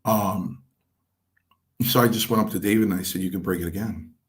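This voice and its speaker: Man, deep voice, middle-aged, former wrestler, animated storyteller, interview guest. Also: brisk. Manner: animated storyteller acting out quoted dialogue.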